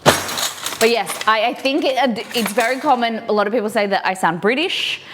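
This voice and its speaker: A woman's voice: a little high, fairly quick, heavy background noise. An Australian woman streaming while she cooks, chatting casually and answering viewers' comments as she goes. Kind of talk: live-stream cooking chat.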